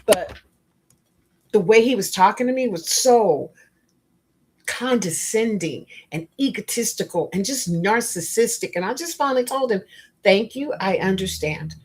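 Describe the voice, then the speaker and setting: A woman's voice: fairly high pitch, expressive, moderate pace, a little mellow, slightly rough. A woman spiritual life coach hosting a motivational podcast, speaking emphatically and bluntly and addressing listeners directly. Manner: emphatic, blunt, with frank asides.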